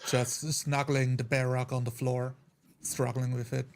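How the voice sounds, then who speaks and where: Man, tabletop player, loose rambling descriptions, average pitch. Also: level tone, measured pace. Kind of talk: tabletop role-play.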